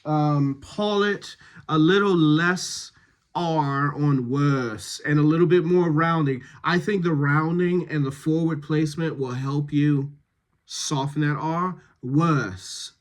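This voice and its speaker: A man working as a dialect coach, reading rehearsal notes to a cast in a slow, measured way with frequent pauses. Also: on the high side, steady tone.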